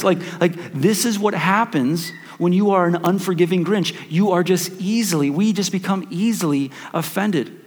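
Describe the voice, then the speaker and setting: A man's voice: sits high, normal speed, hardly any pauses. Man preaching in a reverberant hall. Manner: repeats key phrases for emphasis, many restarts. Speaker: pastor. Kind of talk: sermon. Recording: long reverb of a church hall.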